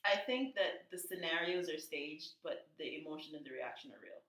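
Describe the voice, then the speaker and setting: Woman, low voice, gossipy storyteller, casual chat, echoey room. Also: normal speed, fairly bright tone. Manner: gossipy storytelling, acting out quotes in high voices. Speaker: podcast co-host.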